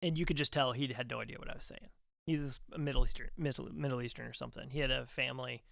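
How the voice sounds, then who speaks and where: A young adult man, a firefighter guest on a podcast, telling a story casually and acting out what other people said in quick quoted bits. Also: medium pitch, fairly even intonation, creaky, fairly bright tone, no echo, studio quality. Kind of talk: animated storytelling in casual conversation.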